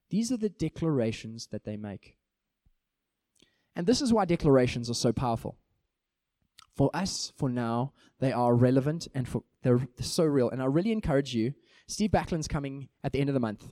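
A man preaching a sermon in an animated way, acting out small everyday scenes to make his points. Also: mid-range voice, normal speed, no room sound, studio quality.

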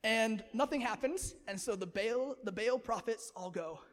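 A man preaching a sermon in an energetic, conversational way, laughing often. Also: high voice, normal speed, big-room sound.

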